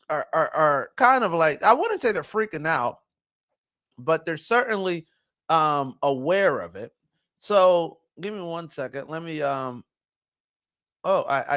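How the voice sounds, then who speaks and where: A man hosting a casual commentary show, talking in an animated way, with rhetorical questions and mocking voices. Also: fairly high pitch. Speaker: show host.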